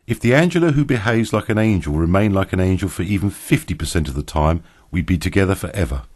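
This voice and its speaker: A man's voice: low voice, animated, a little mellow, no echo. A man voicing a thoughtful, wary male character in a storybook reading. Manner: thoughtful, measured.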